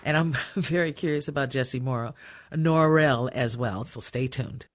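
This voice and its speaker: A woman's voice: rumbling low, measured pace. A woman hosting a radio arts show, upbeat and chatty, laughing easily with guests. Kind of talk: radio interview.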